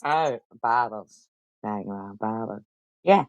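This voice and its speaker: A woman's voice: extremely low pitch, lively intonation, unhurried, a little mellow, highs cut off. A woman live streamer arguing in a profane, confrontational and mocking way. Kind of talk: heated live-stream commentary.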